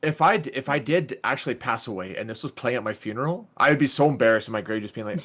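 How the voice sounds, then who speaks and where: A man's voice: mid-range voice, fast talker. A young man co-hosting a podcast, telling stories casually with lots of laughter and swearing. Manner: laughing, swearing, animated storytelling. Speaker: podcast co-host. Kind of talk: casual chat.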